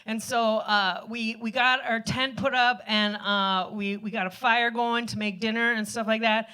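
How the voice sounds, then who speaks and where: A woman's voice: fairly high pitch, steady tone, a little slow, pushed and bright, clear, resonant tone. A woman telling a rambling, self-deprecating comic story on stage at a live show. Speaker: storyteller performer.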